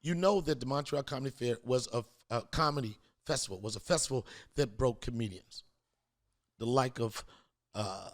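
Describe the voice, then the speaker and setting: Joking podcast host, a man, loose talk. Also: medium pitch. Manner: hyped show intro. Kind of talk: casual comedic podcast chat.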